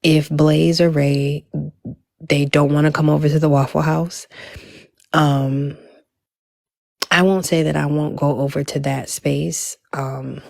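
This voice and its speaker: A woman's voice: sits low, level tone, slow, gravelly, pauses often, a little mellow, no room sound, studio quality. A woman hosting a casual livestream, chatting to viewers in a Black with asides and the odd whisper. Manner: chatty, drops into whispers at times. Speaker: livestream host.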